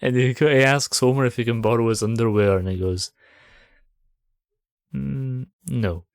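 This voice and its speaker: A man's voice: medium pitch, fast talker, smooth, dry recording, clean studio sound. A Scottish man co-hosting a podcast, chatting casually and laughing often. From Scotland. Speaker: podcast co-host. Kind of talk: casual chat.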